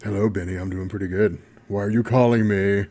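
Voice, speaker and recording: A young man hosting a casual live stream Q&A about comics, chatty and quick to laugh, reading viewer questions aloud. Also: fairly low pitch, steady tone, dark tone. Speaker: comics channel host.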